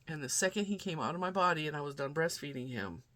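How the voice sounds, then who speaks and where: A woman in her forties talks in a loose, rambling vlog style, chatting to her viewers as a crochet creator. Her voice is bright and crisp-edged. She drifts from one aside to the next. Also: deep voice, animated, quick pace. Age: 40s. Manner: rambling and chatty, acting out quoted dialogue. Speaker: crochet vlogger. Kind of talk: casual chat.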